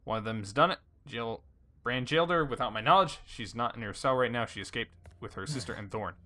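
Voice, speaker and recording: Reading a game's dialogue aloud in casual narration, this let's play host has a bright, medium-pitched voice. He sounds animated and brisk, with fillers and minor slips along the way.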